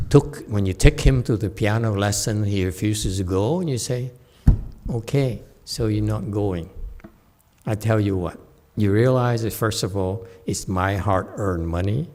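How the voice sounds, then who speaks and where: At a meditation center, a male teacher gives a playful Buddhist dharma talk in a lowish, slightly mellow voice. He laughs often and keeps checking in with his listeners.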